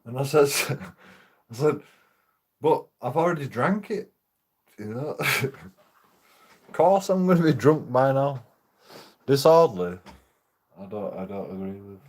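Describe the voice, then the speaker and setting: A man's voice: medium pitch, lively intonation, unhurried, long pauses, a little mellow. A man casually telling a rambling, profane story while streaming a game, laughing often.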